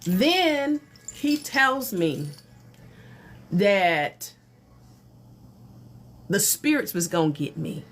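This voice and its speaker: A middle-aged woman, a spiritual teacher, telling a personal story on a livestream in an animated, folksy, exclamatory way. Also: mid-range voice, drawn-out words, long pauses, a little hiss or hum.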